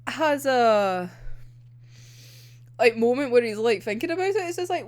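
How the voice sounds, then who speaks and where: Excitable young woman, high lively voice. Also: a little slow, long pauses. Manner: excitable, laughs often, swears casually. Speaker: manga reaction vlogger. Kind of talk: gushing casual chapter recap.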